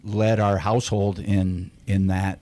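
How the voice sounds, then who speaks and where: A man's voice: low voice, level tone, measured pace, dark tone. A man in his forties talking candidly as a podcast guest, blunt and profane but reflective about emotions. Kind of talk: candid casual chat.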